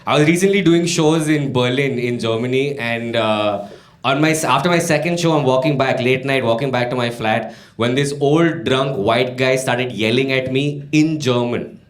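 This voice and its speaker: A young man from India performing a stand-up comedy set, animated, acting out both sides of his arguments on stage. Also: mid-range voice, moderate pace. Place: comedy club stage before a laughing audience. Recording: echoey venue with crowd laughter.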